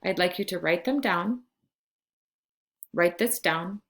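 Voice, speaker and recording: A woman in her forties from California, giving a recorded Spanish lesson to her class in slow, clear instructions. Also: fairly low pitch. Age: 40s. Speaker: Spanish teacher.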